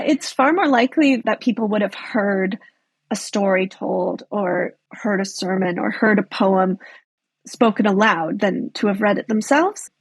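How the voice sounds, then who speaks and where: A woman's voice: medium pitch, slightly rough, no echo. A woman guest on a history podcast, explaining things thoughtfully and often saying "sort of". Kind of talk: podcast interview.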